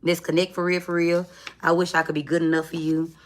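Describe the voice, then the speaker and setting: A woman's voice: on the low side, level tone, brisk, a little hiss or hum. A woman giving a tarot reading in casual, chatty talk, swearing freely and calling the viewer friend. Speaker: tarot reader.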